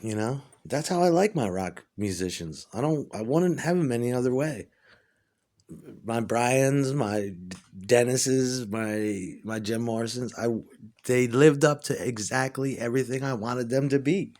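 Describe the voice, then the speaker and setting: A man, a musician, telling a rambling, profane story in a casual monologue and getting excitable as he retells it. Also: medium pitch, unhurried.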